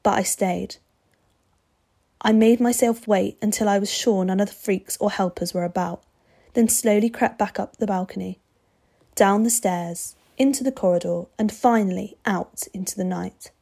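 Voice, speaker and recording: A woman narrating a story aloud with expressive, steady delivery. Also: mid-range voice, moderate pace, vocal fry, breathy edge.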